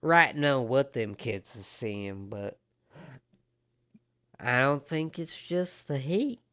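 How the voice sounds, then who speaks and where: A gossipy older village woman with a folksy twang and homespun turns of phrase, as a game master puts her on. The voice is pushed high above his own and lands a touch loud and eager. The audio is slightly muffled and lo-fi. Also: very animated, slow. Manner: folksy rural grammar, gossipy. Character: chatty gray-haired village woman, folksy.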